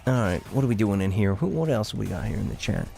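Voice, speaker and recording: A man's voice: on the low side, expressive, quick pace, vocal fry, dark tone. A man chatting casually while streaming a game, rambling and restarting his sentences. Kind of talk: casual gameplay commentary.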